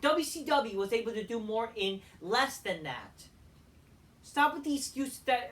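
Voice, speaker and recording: A woman's voice: on the high side, expressive, a little slow. A woman heatedly ranting as a wrestling show reviewer, swearing often and rambling between points. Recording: voice a bit far from the mic.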